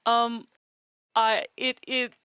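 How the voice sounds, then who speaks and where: A woman's voice: a little high, level tone, very slow, sharp tone, clean tone, no echo, lo-fi sound. A woman playing a tabletop game, describing her character's actions hesitantly and correcting herself. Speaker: player.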